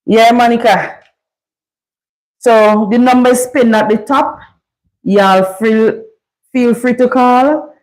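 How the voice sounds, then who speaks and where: A woman's voice: a little high, fairly even intonation, takes it slowly, long pauses, darkish tone, poor audio. Vincentian woman hosting a casual live chat. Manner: chatty, dialect-heavy creole phrasing. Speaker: livestream host.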